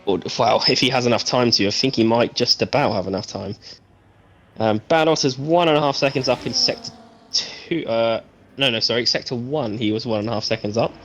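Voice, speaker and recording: A man calls a live sim racing qualifying session in a relaxed, chatty way, often pausing on fillers before lifting his energy at the finish line. His voice sits mid-range, with a faint hiss of noise behind it. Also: medium pitch. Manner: casual, hesitant fillers, builds excitement on finishes. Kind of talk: live esports commentary.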